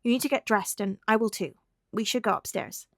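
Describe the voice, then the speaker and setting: A gruff young man who means well, clipped and blunt, as a woman puts him on in a story. Her voice stays mid-pitched and dry, close to the mic. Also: expressive, a little fast, a bit bright, no room sound.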